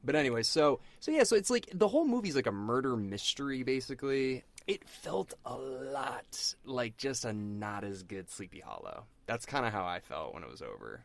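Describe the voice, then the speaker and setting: A man's voice: medium pitch, very animated, normal speed, gravelly, hardly any pauses, no echo. A man co-hosting a podcast, talking in a casual, chatty way with lots of fillers. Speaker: podcast co-host. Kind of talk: casual chat.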